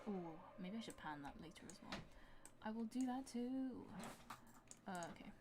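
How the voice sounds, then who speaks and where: A young woman chatting casually on a livestream while producing music, thinking out loud and drifting into soft asides. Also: on the high side, animated, moderate pace.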